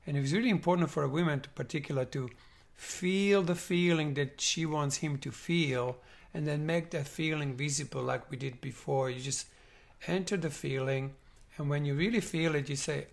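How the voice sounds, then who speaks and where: A man working as a spiritual coach, guiding a participant and teaching with animated talk that acts out couples' dialogue. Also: on the high side, normal speed, creaky.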